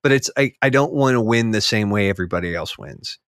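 A man talks on a podcast in a low voice, rambling and animated, and his pitch jumps up when he mocks other players. The sound is close and dry. The talk is casual and fast-shifting, full of restarts. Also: clean tone, no echo. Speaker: podcast co-host. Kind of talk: casual chat.

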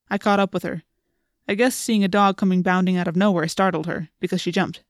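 A woman reading an audiobook aloud in a measured, earnest first-person narration. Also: fairly low pitch, fairly even intonation, no room sound, clean studio sound.

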